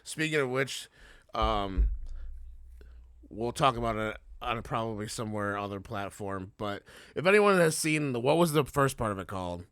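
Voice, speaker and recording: A man's voice: medium pitch, expressive, normal speed, a bit bright, smooth, no room sound, clean studio sound. A man co-hosting a casual podcast, telling rambling, profane stories and laughing often. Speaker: podcast co-host. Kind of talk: casual chat.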